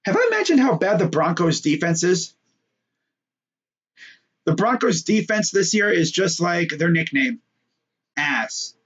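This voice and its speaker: Young male sports host, slightly high, loose and jokey, muffled home-mic sound. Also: very animated, unhurried, long pauses, fairly bright tone. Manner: joking, rambling, fillers and trash talk. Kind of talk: casual solo sports talk.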